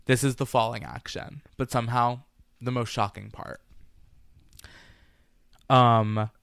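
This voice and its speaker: A man co-hosting a casual podcast, retelling a story in an animated, gossipy way and slipping into quoted lines. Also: mid-range voice, slow, vocal fry, clear, resonant tone, dry recording, studio quality. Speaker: podcast co-host.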